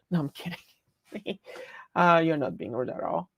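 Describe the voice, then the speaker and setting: A woman's voice: low voice, lively intonation, unhurried, fairly bright tone, slightly rough, no echo. A woman with a French accent chatting casually on a live stream, rambling and breaking off her own sentences. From France. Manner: rambling, chatty, self-interrupting.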